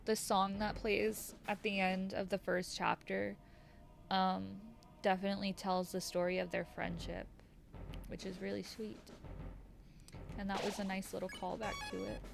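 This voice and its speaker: A woman streaming a game, gushing and excitable and swearing freely as she reacts. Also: mid-range voice, gravelly. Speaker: VTuber streamer. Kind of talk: casual gaming stream. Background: game music.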